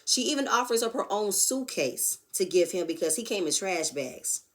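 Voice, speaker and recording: A woman giving a blunt, profane, animated recap of a reality show episode. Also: mid-range voice, moderate pace. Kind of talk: casual recap commentary.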